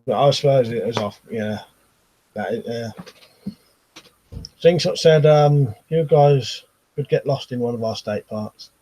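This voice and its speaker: A man's voice: mid-range voice, unhurried, long pauses, dark tone, poor audio. Laid-back British man chatting on a live stream. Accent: British English. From Britain. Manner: chatty, laughs often, reads comments aloud. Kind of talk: casual live chat reading viewer comments.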